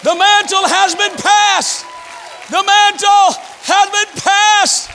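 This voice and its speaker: High, bright-voiced preaching man. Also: fairly even intonation, takes it slowly, some chatter behind, a little hiss or hum. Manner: repetitive preaching cadence with rhetorical questions. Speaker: pastor. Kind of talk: sermon. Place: church sanctuary.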